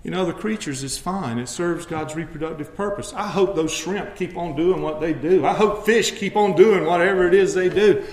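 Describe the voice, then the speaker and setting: A man preaching a sermon as pastor, dropping to hushed low asides and then rising into emphatic passages. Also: moderate pace, hardly any pauses, roomy sound.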